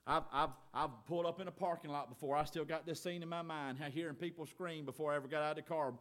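Earnest pastor preaching. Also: male voice, a little high, steady tone, fast. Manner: folksy, earnest, swings from loud exhortation to soft asides. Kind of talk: sermon. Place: church.

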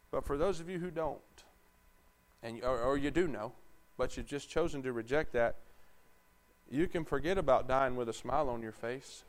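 A man preaching a sermon as pastor, calling out to the congregation for answers and swinging from quiet, conversational talk to loud, shouted passages. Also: medium pitch, moderate pace.

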